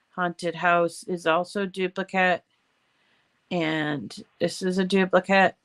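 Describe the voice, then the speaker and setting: Woman, hoarse, crafting tutorial host, unhurried, chatty step-by-step talk. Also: lowish voice. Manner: chatty, step-by-step with fillers and throat clearing.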